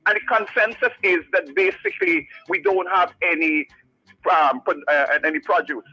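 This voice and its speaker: A man phones a radio talk show, his voice high and bright as he delivers an impassioned, repetitive, preachy appeal. The line is dry and muffled, as a phone call sounds. He repeats himself for emphasis and presses on with fervor. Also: animated, normal speed, breathy edge. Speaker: caller. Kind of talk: passionate call-in radio rant.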